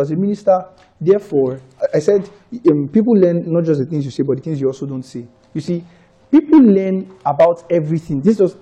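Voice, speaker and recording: A man's voice: fairly high pitch, dark tone, slightly rough, rough recording. A man with a Nigerian accent preaching a conversational sermon, repeating phrases for emphasis and often checking that listeners are following. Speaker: pastor.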